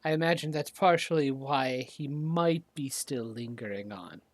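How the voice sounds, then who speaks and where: A game master voicing a solemn townsperson who asks a favor in a halting, earnest way during a tabletop role-play. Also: medium pitch, no echo, pitched below the performer's own voice, close to an everyday voice.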